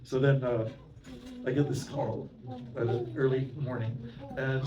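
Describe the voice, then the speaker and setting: Recorded from a distance in a roomy temple hall with crowd noise, this Canadian monk lectures in a mid-range voice, his delivery flat and a little slow. His talk is anecdotal and chatty, filled with "you know" and questions put to the audience.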